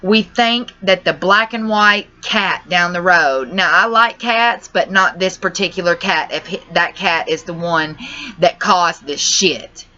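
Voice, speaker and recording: A woman's voice: fairly low pitch, a little slow, bright, forceful tone. Distressed young woman vlogging. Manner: distressed, rambling, says y'all and cusses. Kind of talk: emotional personal vlog. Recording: dull lo-fi audio.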